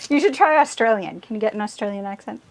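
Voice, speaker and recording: A woman's voice: medium pitch, lively intonation, fast, gravelly. A woman chiming in from off camera during a livestream, away from the microphone, with teasing, laughing interjections and casual opinions. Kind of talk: casual chat.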